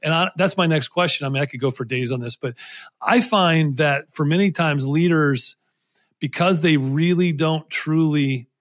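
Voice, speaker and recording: A man's voice: on the high side, no echo, studio quality. A man hosting a podcast interview, asking long reflective questions in a conversational way with frequent restarts. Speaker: podcast host.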